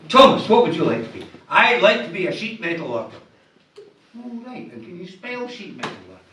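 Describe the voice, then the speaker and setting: A man with a Scottish accent voicing a stern woman schoolteacher who quizzes her pupils with sharp questions. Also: high voice, very animated, fairly quick, a little hiss or hum, pitched above the performer's own voice, heavily acted. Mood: bossy. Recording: echoey hall from far off.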